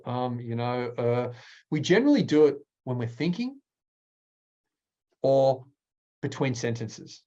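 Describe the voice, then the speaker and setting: A man, a speaking coach presenting a workshop in an energetic, emphatic way with deliberate pauses. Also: lo-fi sound. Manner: energetic, emphatic, varies pitch widely.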